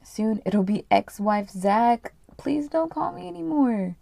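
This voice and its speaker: A woman's voice: mid-range voice, normal speed, creaky, dark tone. Woman reading as a cold, fed-up wife. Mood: firm. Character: firm fed-up wife cutting ties.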